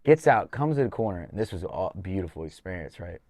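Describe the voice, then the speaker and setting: Male podcast host, low register, dry close mic, animated profane storyteller. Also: fast, no echo. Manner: animated storyteller, swears freely, acts out corner talk. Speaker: podcast host and MMA coach. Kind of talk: casual podcast chat.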